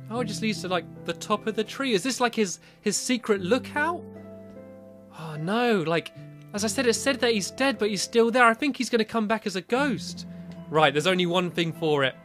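A woman giving live commentary while playing a video game, often jumping up high and squealing when things go wrong. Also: moderate pace, soft background music. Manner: excitable, squeals and rises high when in danger. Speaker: gameplay video maker.

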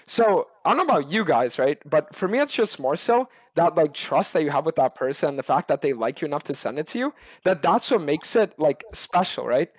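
Man, lively pitch, dry close sound, rambling explainer. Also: fairly quick, hardly any pauses, no room sound. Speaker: panelist. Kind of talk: casual group chat.

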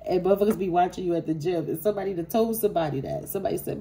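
A woman's voice: on the low side, racing, hardly any pauses, dark tone. A woman giving a casual tarot reading to her viewers, blunt, profane and often laughing. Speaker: tarot reader. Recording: noisy with card shuffling clicks.

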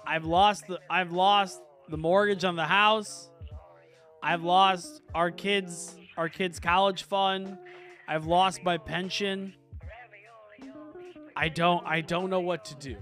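A man's voice: sits high, fairly even intonation, slow pace, a bit bright, faint music behind. A man voicing a weepy, broke husband neighbor in a tabletop role-play. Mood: tearful.

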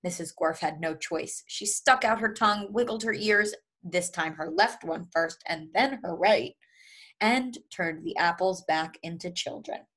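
A woman teacher reading a children's storybook aloud to her students, in a lively, expressive way. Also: on the low side, measured pace.

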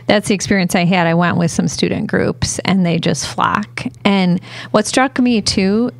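A woman's voice: mid-range voice, fairly even intonation, a little slow, creaky, no room sound. A woman co-hosting a talk show, speaking in an emotional, effusive way. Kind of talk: casual studio chat.

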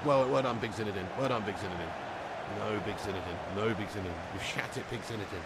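A man doing live commentary on his game stream, excitable, yelling at plays and chatting with viewers. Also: fairly low pitch, fast talker, over a noisy crowd, heavy background noise.

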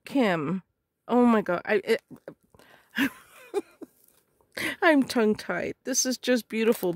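A woman's voice: medium pitch, a little mellow, slight background noise. A woman crafter unboxing a package in a casual vlog, gushing with gasps and exclamations. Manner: gushing, gasping, frequent exclamations. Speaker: crafter on a design team.

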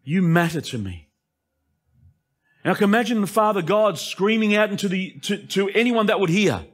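A male pastor preaching an impassioned sermon that swings between emphatic lines and hushed asides. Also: high voice, expressive, moderate pace.

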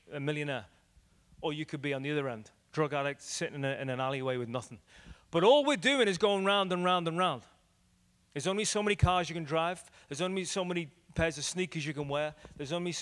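Irish male evangelist, higher-set voice, lively repetitive preaching, reverberant church hall. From Ireland. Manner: animated, repetitive preaching with big swings in loudness. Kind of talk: evangelistic teaching talk with storytelling.

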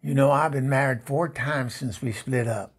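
In a comedic phone-call monologue, a regular on a comedy show voices a raspy, sharp-tongued Southern divorcée who has been married many times. His mid-pitched delivery moves at a moderate clip and stays close to normal speech as she gets exasperated, flings sassy put-downs, and stammers in a fluster.

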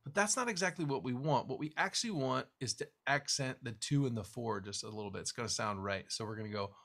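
A man teaching a guitar lesson one-on-one, explaining technique as he demonstrates, swinging between lively stressed phrases and quiet asides. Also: mid-range voice, quick pace, creaky. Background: guitar strumming.

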